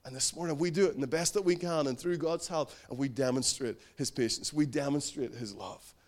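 A middle-aged male pastor preaching a sermon, earnest, building to emphatic bursts and then dropping low and slow. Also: a little mellow.

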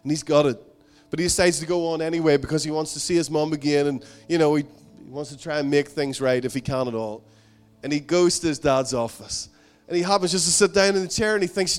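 Male pastor, high-pitched, earnest conversational sermon with repetition. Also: brisk, soft background music. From outside America. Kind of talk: sermon with storytelling.

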